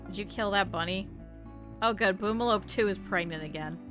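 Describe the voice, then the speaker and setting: A woman's voice: medium pitch, normal speed, over music. A young woman streaming a video game, chatting casually with her viewers and swearing in exasperated bursts at the game. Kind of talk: casual gameplay commentary.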